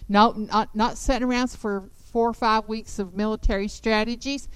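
A woman teaching the Bible to a group in an animated, emphatic storytelling manner. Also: on the high side, normal speed, hardly any pauses, smooth, dry recording, rough recording.

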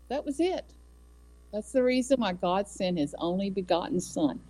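A woman giving an earnest devotional talk on scripture, with measured delivery and emphatic repetition. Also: medium pitch, darkish tone, rough recording. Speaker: Bible study speaker. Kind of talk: devotional teaching.

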